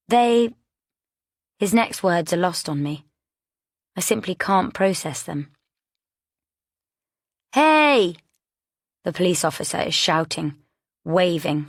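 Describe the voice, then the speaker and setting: A woman narrating a mystery thriller audiobook in first person with a measured, tense delivery. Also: fairly low pitch, no echo, clean studio sound.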